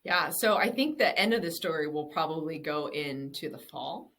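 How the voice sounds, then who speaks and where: A woman's voice: low voice, expressive, moderate pace, fairly bright tone. A woman in her thirties, a business owner and interview guest, chatting casually and candidly, swearing freely and laughing often.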